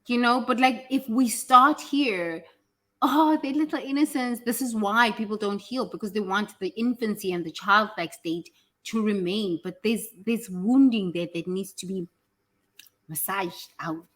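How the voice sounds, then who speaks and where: A woman's voice: mid-range voice, measured pace, a bit bright. A woman teaching in a casual, motivational way, talking bluntly and animatedly, swearing freely and acting out what other people say.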